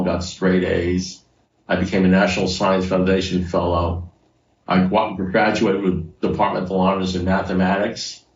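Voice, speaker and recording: A man with a lowish voice tells his personal story at a recovery meeting in a loose, conversational way, circling back to repeated phrases. He sounds set back from the microphone in a roomy space. The audio is dull, like a video call. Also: distant mic.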